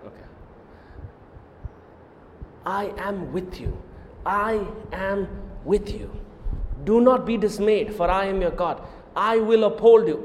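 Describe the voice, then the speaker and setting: A man preaching with a very high voice that rings through a large, echoey church hall. He swings from loud, emphatic proclamations to quiet asides and repeats lines of Scripture for weight. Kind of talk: sermon. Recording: echoey hall, roomy reverb.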